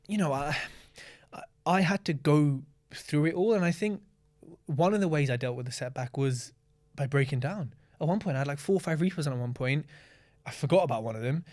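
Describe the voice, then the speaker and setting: Man, interview guest, somewhat high voice, blunt, candid, swears, animated storyteller. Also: a little fast. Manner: animated storytelling with acted-out asides. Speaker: podcast guest, property investor. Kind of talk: casual interview talk.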